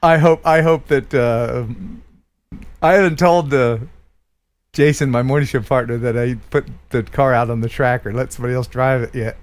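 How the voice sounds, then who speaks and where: A man's voice: mid-range voice, fairly even intonation, moderate pace. A man from the USA hosting a casual live stream chat, joking and restarting his sentences. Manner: chatty, joking, prone to restarts. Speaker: live stream show host.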